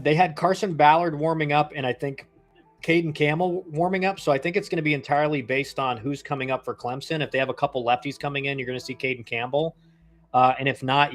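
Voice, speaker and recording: A man in his thirties, a former pro ballplayer, casually commenting on a live game, chatty and rambling with slangy asides. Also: mid-range voice. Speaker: livestream baseball commentator, former pro player.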